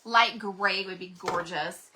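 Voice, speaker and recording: A woman with a bright, forward voice talks through a live craft session, rambling to her viewers as she paints. Her speech is loose and conversational, thinking aloud at a middling pitch. A faint hum of noise sits behind her. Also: takes it slowly. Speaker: craft livestream host. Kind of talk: chatty live craft demo.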